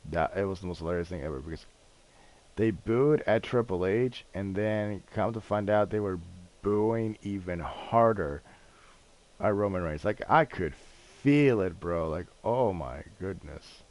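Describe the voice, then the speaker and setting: A man with a low voice talks loosely while playing a game on stream. He rambles, gets excited and curses freely, like chatting with friends. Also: measured pace. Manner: rambling, excitable storytelling with frequent swearing. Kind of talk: casual gaming stream chat.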